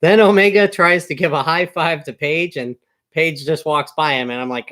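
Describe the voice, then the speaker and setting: A man's voice: a little high, fairly even intonation, moderate pace, a bit bright. A man co-hosting a wrestling podcast, recapping matches in a laid-back, hesitant way with lots of ums and uhs. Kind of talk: casual recap chat.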